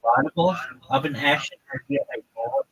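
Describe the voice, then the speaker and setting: Gravelly, animated man explaining words. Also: normal speed, no room sound, rough recording. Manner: rambling, searching for words, sudden pitch jumps. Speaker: livestreamer explaining vocabulary words. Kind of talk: casual vocabulary explanation on a livestream.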